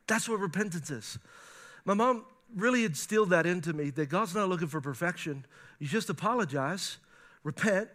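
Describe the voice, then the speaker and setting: A man with a high, bright voice preaches a sermon to his congregation. He talks in a lively, animated way, mixing scripture with playful asides and little laughs. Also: a little fast. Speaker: pastor. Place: church before a congregation.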